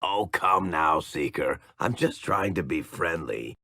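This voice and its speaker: With a full character voice, a wry middle-aged dwarf ribs his companions, his gravelly, husky tones sitting extremely low as he unhurriedly works through his lines. The intonation is lively and the pace measured, bright and forceful in a bone-dry game recording without room sound.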